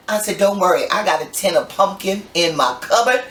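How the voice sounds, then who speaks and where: A woman's voice: fairly low pitch, animated, a little fast, a bit bright. An older woman hosting a home cooking show, chatty and playful, telling folksy stories as she bakes. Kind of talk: casual cooking demonstration. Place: home kitchen. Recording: roomy kitchen, mic at a distance.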